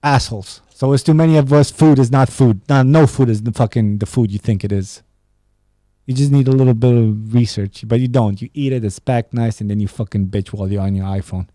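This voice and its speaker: A man rants on his own podcast, swearing freely and mocking his listeners with heavy sarcasm. His voice is dark and mellow. The sound is close and dry, with no room around it. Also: mid-range voice, brisk, no room sound. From Romania. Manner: profane, sarcastic ranting. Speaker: podcast host. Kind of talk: casual solo podcast rant.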